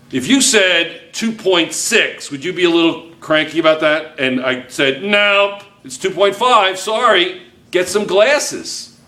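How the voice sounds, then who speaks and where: A man's voice: mid-range voice, a little hiss or hum. Joking male teacher quizzing a class. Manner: joking, lively, quizzes students with constant checks. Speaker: chemistry teacher. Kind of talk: classroom lecture.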